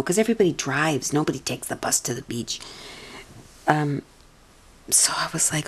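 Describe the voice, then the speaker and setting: A woman telling a rambling personal story in a soft voice, meandering, correcting herself and often laughing. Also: rumbling low, animated, normal speed. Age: adult. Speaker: vlogger.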